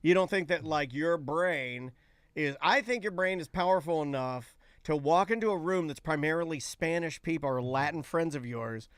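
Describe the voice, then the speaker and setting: A man co-hosting a casual live-stream chat, telling rambling stories in an animated way. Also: fairly high pitch, moderate pace, smooth, dry recording. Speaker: co-host.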